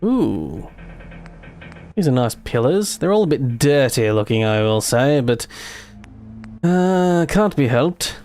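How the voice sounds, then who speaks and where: A man's voice: medium pitch, very animated, slow pace, long pauses, a little mellow, faint music behind. Chatty mild-accented Australian man streaming. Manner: rambling and chatty, answers chat, laughs easily, trails off mid-sentence. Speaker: game streamer. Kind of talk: casual live-stream chat while building in a game.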